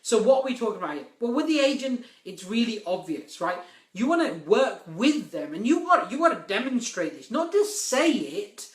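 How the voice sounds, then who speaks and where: A man's voice: sits high, sing-song, moderate pace, echoey room. A man giving a live-stream coaching talk on property investment, emphatic and repeating his key points.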